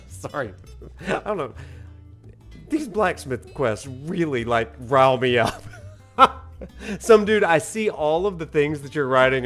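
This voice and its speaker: A man's voice: medium pitch, a bit bright. A man, a professor streaming a video game, chatting casually with viewers, rambling and laughing as he plays. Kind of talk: casual livestream chat over gameplay.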